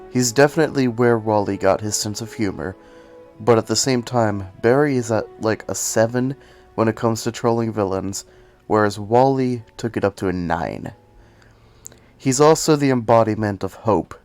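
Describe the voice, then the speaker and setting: A man's voice: on the low side, darkish tone. A man talking casually into the camera, rambling and poking fun at himself, sometimes breaking into cursing rants. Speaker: video essay host. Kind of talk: casual commentary.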